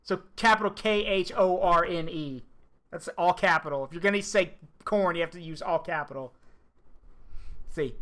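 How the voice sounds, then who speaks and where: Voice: mid-range voice, fairly bright tone. Streamer reading aloud with jokey asides. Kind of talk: reading a game novel aloud.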